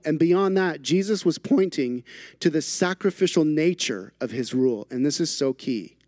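High-voiced emphatic male preacher. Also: expressive, moderate pace, a little mellow, dry recording, clean studio sound. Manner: emphatic, builds through repeated phrases with playful asides. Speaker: pastor. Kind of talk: sermon.

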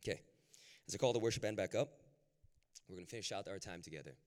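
A man's voice: low voice, fast talker. Man preaching in a reverberant hall. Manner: casual, conversational preaching that builds to impassioned near-shouting. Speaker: pastor. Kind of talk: sermon. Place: large hall with a live audience. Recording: long hall reverb, faint music.

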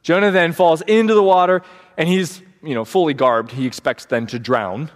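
Animated male preacher in a reverberant hall. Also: on the high side, moderate pace. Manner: animated storyteller, acting out quotes with shifts in voice. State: sleep deprived. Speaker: pastor. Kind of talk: sermon.

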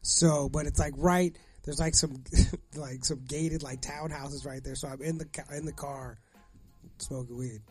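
A man's voice: a little high, steady tone, a little slow, faint music behind. A young man from the Los Angeles area telling a profane story in casual chat, acting out voices. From Gardena, Los Angeles area.

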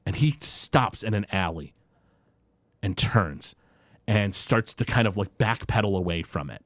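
A man running a tabletop fantasy game as its game master. He narrates casually, with plenty of fillers. His voice is on the low side, and the recording is dry and close. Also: no echo.

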